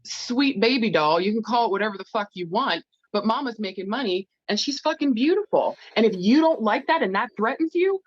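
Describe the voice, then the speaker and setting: A woman with a deep voice, talking in a blunt, profane and animated way during a casual chat. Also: brisk, few pauses, husky, no room sound, dull audio. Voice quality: deep, low voice. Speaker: medium and guest.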